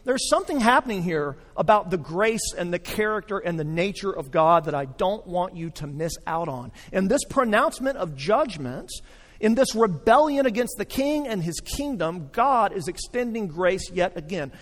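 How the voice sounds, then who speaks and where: A pastor preaching a sermon, animated and acting out the voices he quotes. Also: high voice, normal speed. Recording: reverberant hall.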